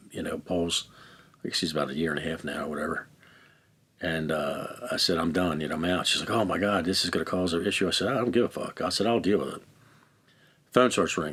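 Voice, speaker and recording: Man, middle-aged, low gravelly-free deep voice, blunt, profane storyteller, candid interview. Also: fairly bright tone. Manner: blunt, heavily profane, acts out quoted exchanges. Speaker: interviewee recounting his own past. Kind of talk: candid first-person storytelling.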